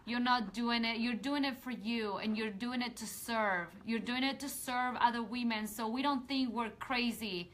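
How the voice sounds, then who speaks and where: Woman, live-stream host, earnest, heartfelt, rambling, motivational, bright forceful voice, slightly high. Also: normal speed, hardly any pauses, a little hiss or hum. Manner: rousing motivational appeals to her audience. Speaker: women's empowerment coach hosting a live video. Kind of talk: casual live-stream talk to viewers.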